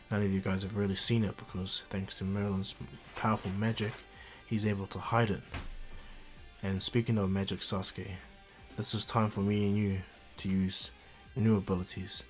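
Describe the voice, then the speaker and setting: A man voicing a calm, weary adult ninja teacher who speaks low and measured. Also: soft background music, close to an everyday voice. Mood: grave.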